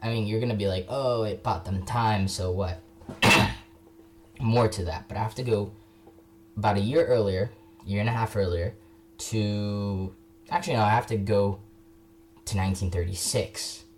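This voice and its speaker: A man's voice: lowish voice, fairly even intonation, normal speed, pauses often, a little hiss or hum. A young man talking casually about history in a video, rambling, restarting sentences and correcting himself. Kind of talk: casual unscripted history talk.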